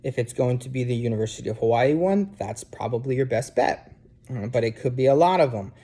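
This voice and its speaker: A man's voice: mid-range voice, lively intonation, a little fast, warm tone. A man from New Jersey with a New Jersey accent, giving a casual recorded lecture to students from his couch at home, often checking in with "okay?" and filler "um"s. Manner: conversational, checks in with frequent "okay?" and "um". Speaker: instructor. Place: living room at home, sitting on a couch.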